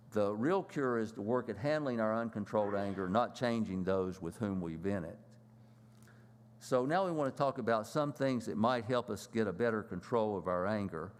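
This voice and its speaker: A man teaching a church lesson in a plain, halting way, with many fillers and restarts. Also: fairly low pitch, big-room sound.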